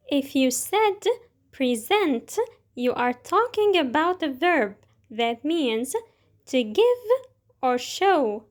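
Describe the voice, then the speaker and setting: A woman English teacher walks through a pronunciation lesson at a very slow, deliberate pace. Her voice sits high, and it rises and falls in a lively way as she explains each point. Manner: slow, deliberate, instructive delivery.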